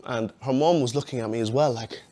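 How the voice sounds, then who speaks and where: A man's voice: medium pitch, brisk, warm tone. A man giving a personal testimony in a casual, conversational way, with many "you know"s and frequent laughs.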